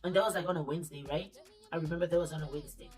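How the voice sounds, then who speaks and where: A woman's voice: low-pitched, racing. A young woman vlogger telling a casual story, talking in slang and acting out what other people said. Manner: animated, slangy storytelling that acts out quoted dialogue. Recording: distant mic with faint background music.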